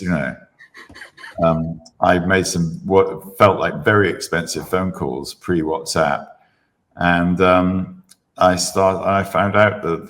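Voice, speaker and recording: Deep-voiced older man telling stories. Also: fairly bright tone. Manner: rambling, anecdotal, self-deprecating. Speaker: podcast guest, entrepreneur. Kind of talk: storytelling in a podcast interview.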